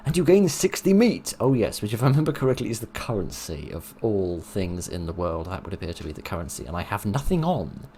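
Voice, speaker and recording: Young-adult let's player, self-mocking and dry; low voice at a desk mic. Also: male voice, big pitch swings, brisk, hardly any pauses, darkish tone, slight background noise. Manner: wry, self-mocking, chuckling. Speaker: let's play host. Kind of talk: gaming commentary.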